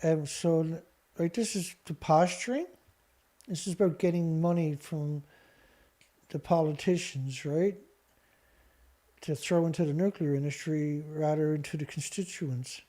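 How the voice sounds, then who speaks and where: Angry host, mellow dark tone. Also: mid-range voice, measured pace, pauses often. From Canada. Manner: angry, sarcastic, insulting, talks back at the headlines. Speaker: online show host. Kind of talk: reading news items and ranting about them.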